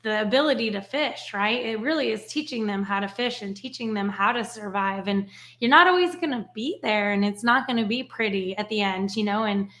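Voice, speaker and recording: A woman's voice: medium pitch, a little fast, few pauses. A woman from Switzerland whose first language is French, telling stories in a casual interview, often adding "right?" and "like". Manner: animated storyteller, frequent "right?" and "like". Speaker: podcast guest.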